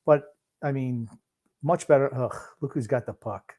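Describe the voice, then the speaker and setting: A man co-hosting a sports podcast and reacting to a live game in casual chat, dry and gruff, with long pauses between thoughts. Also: medium pitch, darkish tone. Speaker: podcast co-host. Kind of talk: casual sports commentary while watching a game.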